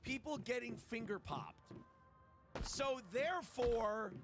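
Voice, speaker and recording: Male podcaster, high animated voice, blunt profane ranter, played clip with music under it. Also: takes it slowly. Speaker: radio and podcast host. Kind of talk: ranting on a podcast.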